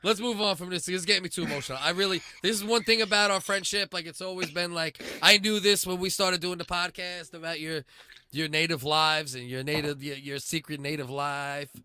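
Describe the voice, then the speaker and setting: A man's voice: fairly high pitch, steady tone, brisk, bright, forceful tone, clean tone, no room sound. A man co-hosting a comedy podcast who keeps breaking into laughter and playing at mock crying. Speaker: podcast co-host.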